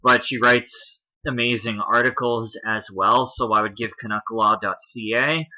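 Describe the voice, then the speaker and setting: A man's voice: mid-range voice, fairly even intonation, measured pace, pushed and bright, poor audio. A man hosting a commentary video, talking through a list on screen in a casual explaining way, with a Canadian accent.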